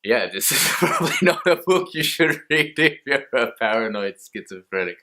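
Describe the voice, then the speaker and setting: A man's voice: mid-range voice, pushed and bright. A man with an Australian accent, talking candidly to camera in a rambling, casual monologue, swearing freely and laughing at himself. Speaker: mental health vlogger.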